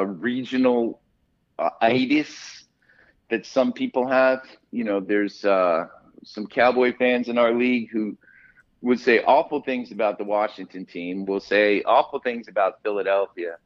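Animated, profane man telling stories. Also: mid-range voice, muffled recording. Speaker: podcast guest. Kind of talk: casual podcast chat.

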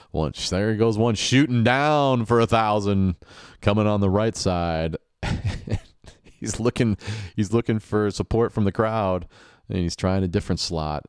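A man's voice: low-pitched, a little mellow, clean tone, no room sound, studio quality. A male podcast host giving joking, sarcastic play-by-play of a TV game show and chuckling often.

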